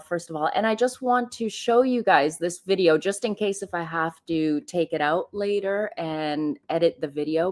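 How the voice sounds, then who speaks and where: A woman in her thirties hosting a casual livestream, chatting to viewers in a rambling, friendly way. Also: mid-range voice. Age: 30s. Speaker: livestream host. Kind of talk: casual live-stream commentary.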